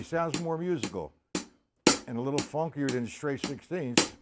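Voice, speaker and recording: A man's voice: medium pitch, expressive, normal speed. A man teaching a live-streamed drum lesson in a casual way. He greets viewers by name and counts beats aloud. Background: drums and music.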